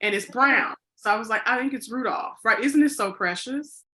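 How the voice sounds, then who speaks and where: Woman, podcast co-host, casual chat, rambling, self-correcting, playful, fairly high voice. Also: normal speed, sharp tone. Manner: rambling and self-correcting, with many "you know" fillers; playful and chatty.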